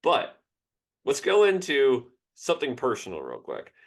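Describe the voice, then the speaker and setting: A man's voice: mid-range voice, wildly swooping pitch, measured pace. A young man co-hosting a sports podcast, telling a personal story in a rambling, candid way. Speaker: podcast co-host. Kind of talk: casual sports podcast chat.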